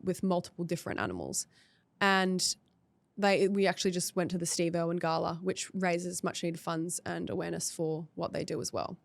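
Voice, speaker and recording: An Australian woman guesting on a podcast, telling her stories with animation and slipping into voices for the people she quotes. Her voice sits a little low, recorded close and dry with no room sound. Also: vocal fry, no echo. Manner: animated storyteller, acts out quotes. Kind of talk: casual chat.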